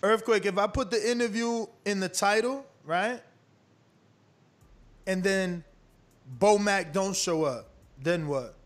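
Hosting a boxing livestream, this man speaks in a high voice, unhurried and with frequent pauses. His casual chat is loose, emphatic, profane, and prone to rambling.

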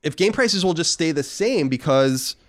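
A man co-hosting a casual podcast, talking emphatically and rambling with quick restarts. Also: a little high, expressive. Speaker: podcast co-host.

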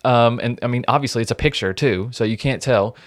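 A man's voice: medium pitch, a little fast. A young man co-hosting a casual true-crime podcast, recounting the case and reading quotes aloud with wry jokes. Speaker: podcast co-host.

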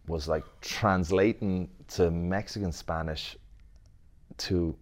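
This is a man with an Irish accent speaking in a very low voice. He chats casually as an interview guest, relaxed, with lots of fillers and easy laughter. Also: slow. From Ireland. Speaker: guest wrestler.

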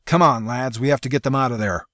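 A man voicing a gruff male gang fighter, speaking in a snarling, urgent way. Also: a little high, huge pitch swings, fairly quick, dry recording, studio quality, voice pushed up, heavily acted.

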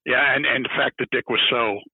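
Husky-voiced man host, lo-fi sound. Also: mid-range voice, fairly even intonation, a little fast, no echo. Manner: conversational, prompting questions. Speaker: podcast host. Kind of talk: casual interview chat.

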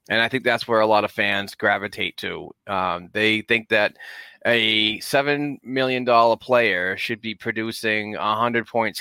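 A man co-hosting a casual sports podcast, explaining his point in a measured, deliberate way. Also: mid-range voice, bright, forceful tone, smooth, dry recording. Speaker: podcast co-host.

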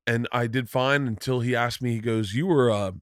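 A man hosting a casual podcast, his voice sitting at an ordinary middle pitch. He tells a story in a rambling, emotional way, stumbling and restarting as he goes and swearing freely. The room sound is dry and close. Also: fairly even intonation, clear, resonant tone, no room sound. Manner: halting, many restarts. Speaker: podcast host. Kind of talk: casual chat.

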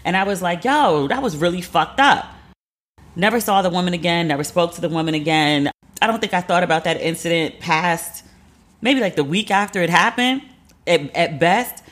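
Woman host, thirties, casual storytelling, animated and profane, voices the people she quotes. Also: on the low side, normal speed. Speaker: podcast host.

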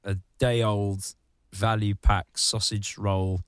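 A man hosting a podcast, ranting comedically in casual chat and jumping into mocking high squeaky voices. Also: little pitch movement, takes it slowly, smooth, no echo, studio quality. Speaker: podcast host.

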